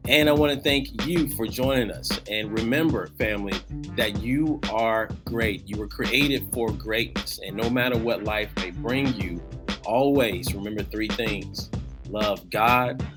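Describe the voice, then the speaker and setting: A man hosting a podcast interview, affirming his guest and signing off in a folksy manner. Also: on the low side. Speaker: podcast host.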